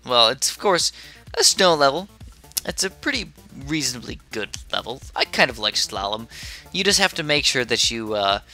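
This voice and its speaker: A sleepy, yawning young man provides casual, rambling gameplay commentary, drifting off topic into chatty asides. His mid-range voice is sing-song, bright, and forceful at a moderate pace, with soft background music.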